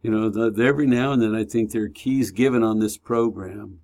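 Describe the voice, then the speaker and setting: A man co-hosting a radio program, talking in an earnest, reflective way and slowing down when he quotes others. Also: on the low side, steady tone, a little mellow. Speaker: radio show co-host. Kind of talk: reflective conversation.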